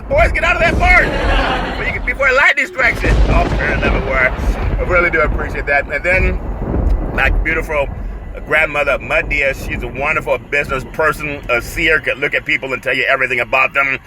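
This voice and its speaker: A man hosting a casual sports talk show, exuberant and hyped, calling on listeners for praise and laughing often. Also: on the high side. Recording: steady background noise.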